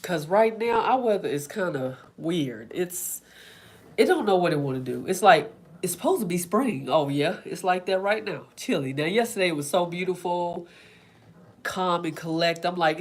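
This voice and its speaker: A woman's voice: lowish voice, animated, moderate pace. Chatty woman. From Oklahoma, USA. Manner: chatty and rambling, acting out quotes. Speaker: self-care vlog host. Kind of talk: casual chat with live viewers.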